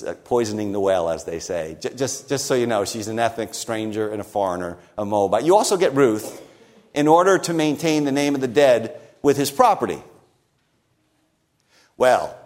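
A man preaching a conversational sermon, explaining the text with wry humor and rhetorical "right?" check-ins. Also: on the high side. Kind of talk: expository sermon.

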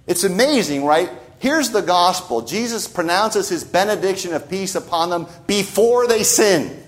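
A man's voice: high voice, lively intonation, moderate pace. A man preaching a sermon in a conversational way, often adding "right?" asides. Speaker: pastor.

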